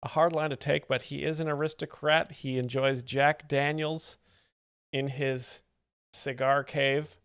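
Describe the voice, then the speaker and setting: A man's voice: mid-range voice, flat delivery, a little slow, a bit bright, clean tone, soft background music. A man hosting a live stream, giving wry, chatty commentary on clips. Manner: wry, chatty, amused asides. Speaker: host explaining jokes. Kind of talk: casual reaction commentary.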